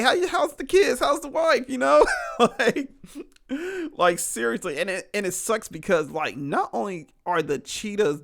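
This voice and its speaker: A man rants casually on his own podcast, swearing freely and talking straight to his listeners. His voice sits a little high and carries a gravelly fry. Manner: profane, animated, laughing asides, addresses listeners as y'all. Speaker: podcast host. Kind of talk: casual solo podcast rant.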